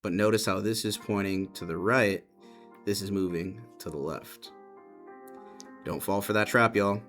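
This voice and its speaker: Slow, deep-voiced math teacher. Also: male voice, fairly bright tone, faint music behind. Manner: patient, repeats key points, addresses students as y'all. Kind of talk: classroom lesson explanation.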